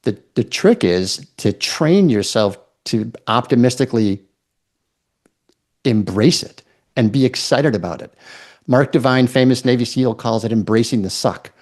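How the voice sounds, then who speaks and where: Middle-aged male guest, mid-pitched voice, reflective and measured, restarts his phrases. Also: animated, a little mellow. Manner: thoughtful, repeats words as he restarts. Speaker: podcast guest. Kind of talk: reflective interview talk.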